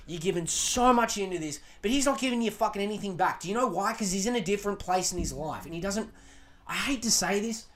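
A man's voice: sits high, lively intonation, quick pace, fairly bright tone. A male podcast host rants through relationship advice, blunt and heavy on swearing. He talks casually and with emphasis, repeating his points to drive them home.

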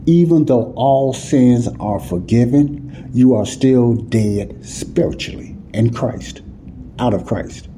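A man preaches with a very dark, mellow voice, loose and conversational. He keeps checking in with his listeners and repeats his points. A faint hum sits behind him. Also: mid-range voice, takes it slowly, low-quality recording. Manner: repetitive, keeps asking "you see what I'm saying?"; conversational, folksy grammar. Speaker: Bible teacher. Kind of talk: informal sermon teaching.

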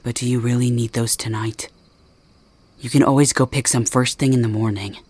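A man's voice: medium pitch, fairly even intonation, moderate pace, a little mellow, slightly rough, natural voice. A man voicing a stern young male guard in an ASMR role-play, firm and scolding but giving in. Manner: firm, scolding, speaks to listener directly.

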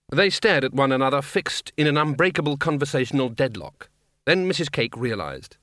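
A man narrating a comic fantasy audiobook in a measured, dry storytelling manner. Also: medium pitch, sing-song, a bit bright, no room sound.

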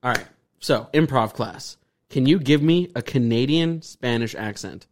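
Excitable man hosting a podcast, lively pitch. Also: a little slow. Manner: excitable, swearing, repeats himself. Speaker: podcast host. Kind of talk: casual chat.

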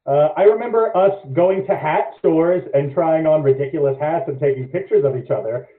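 A man telling a story as a podcast guest in casual chat, animated and swearing freely. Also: a little high, moderate pace. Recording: echoey, phone-like lo-fi audio.

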